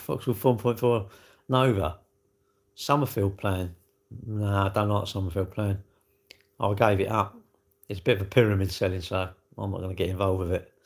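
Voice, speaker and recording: A British man chatting casually on a livestream, rambling animatedly with slang as he answers viewers' comments. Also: on the low side. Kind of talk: casual live-stream chat.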